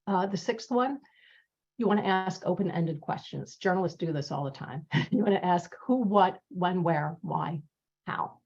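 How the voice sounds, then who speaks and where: A woman giving a webinar talk on listening skills over a video call, lively and quick to laugh as she acts out example lines. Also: on the low side, slightly rough. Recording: muffled video call audio.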